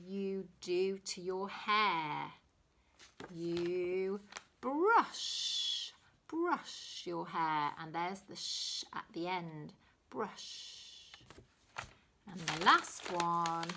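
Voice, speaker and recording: A woman teaching a lesson to young children, speaking clearly and encouragingly and counting aloud with them. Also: fairly low pitch, sharp tone, a little hiss or hum. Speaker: nursery teacher.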